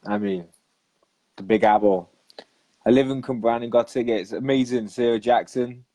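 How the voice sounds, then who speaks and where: A man's voice: mid-range voice, fairly even intonation, warm tone. A man with a Welsh accent co-hosting a casual live video, laughing and reading out viewers' comments. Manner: unhurried, laughs often, reads out viewer comments. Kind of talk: casual live-stream chat.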